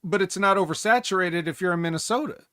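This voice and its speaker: High, bright-voiced man, blunt co-host. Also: quick pace, no echo, studio quality. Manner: blunt and sarcastic, swears freely. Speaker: podcast co-host. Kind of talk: casual chat.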